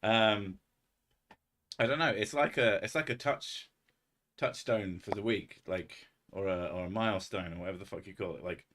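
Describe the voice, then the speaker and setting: A man with a lowish voice talks to his live-stream audience in a loose, rambling way. He swears freely and pokes fun at himself as he drifts from one thought to the next. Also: moderate pace, a bit bright. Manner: rambling, sweary and self-mocking. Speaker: streamer hosting a live chat. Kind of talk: casual live-stream chat.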